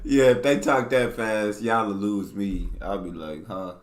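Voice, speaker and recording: A man's voice: on the low side, animated, a little slow, reverberant. An American man hosting a reaction video, with laid-back commentary and laughing asides. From United States. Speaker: reaction channel host.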